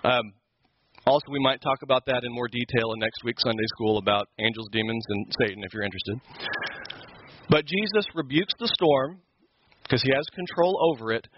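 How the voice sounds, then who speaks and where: A man's voice: mid-range voice, expressive, moderate pace, muffled recording, slight background noise. A man teaching a Sunday school lesson, explaining scripture in an emphatic, conversational way. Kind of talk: Bible teaching.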